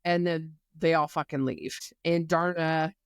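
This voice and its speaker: Woman podcast co-host, lower voice, animated profane recap, dry room sound. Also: a little slow, clear, resonant tone, dry recording. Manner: animated retelling, swears freely. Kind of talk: casual book-club chat.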